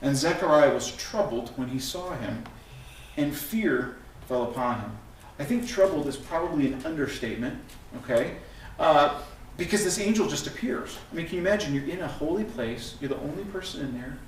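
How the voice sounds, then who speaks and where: Middle-aged male pastor, lively storytelling sermon, a bit high-pitched, recorded far off in a reverberant church with faint background noise. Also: moderate pace. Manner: animated storytelling, acts out scenes. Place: church sanctuary. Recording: echoey room from a distant mic, faint noise.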